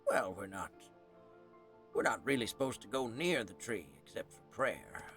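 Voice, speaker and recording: A man's voice: fairly low pitch, lively intonation, moderate pace, fairly bright tone, soft background music. A man voicing an elderly male villager who is evasive and testy, in a video game read-along. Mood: defensive.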